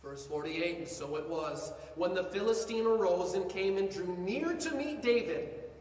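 High-voiced preacher in an echoey hall. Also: male voice. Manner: animated preaching, swings between quiet and loud. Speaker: pastor. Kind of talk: sermon. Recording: echoey hall from far off, faint ambience.

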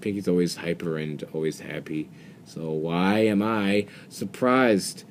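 A man's voice: low-pitched, unhurried, a little hiss or hum. A man doing casual reaction commentary. He rambles, makes mocking, exasperated asides and keeps breaking into giggles. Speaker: reaction video host.

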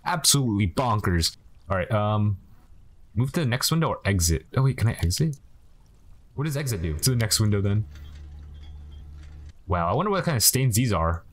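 A young man with a lowish voice, big pitch swings, and a moderate pace with long pauses provides casual let's-play commentary. He jokes around and talks to the game's characters on screen.

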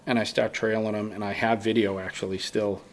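A man's voice: fairly low pitch, little pitch movement, fairly quick, slight background noise. A man talking as a podcast guest, telling a rambling story and acting out his own past thoughts in quotes. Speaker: guest bowhunter. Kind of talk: casual storytelling in a podcast interview.

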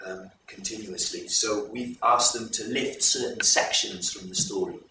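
A man with a bright, forceful voice tells a folk tale to a live audience, measured and explanatory. He is heard from a distance in an echoey hall, with faint ambient noise behind him. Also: lowish voice. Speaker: presenter introducing a folk performance. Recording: echoey hall recorded from far off.

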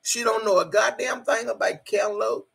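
A woman's voice: a little high, normal speed, vocal fry, a bit bright, breathy edge. A middle-aged woman hosting a casual livestream, reading out the chat and talking straight to viewers, emotional and swearing freely.

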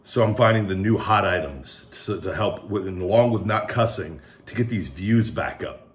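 Deep-voiced joking man hosting a food vlog. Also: animated, normal speed. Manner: joking, hyped, self-mocking. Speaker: host.

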